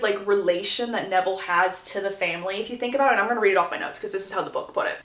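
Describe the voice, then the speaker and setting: A woman content creator recapping a book plot in a chatty, animated storytelling manner. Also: medium pitch. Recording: roomy echo.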